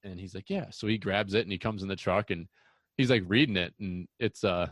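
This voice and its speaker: Low-voiced young man telling hunting stories. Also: a little fast, dry recording. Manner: rambling storyteller, excitable. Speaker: podcast host. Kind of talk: casual hunting podcast chat.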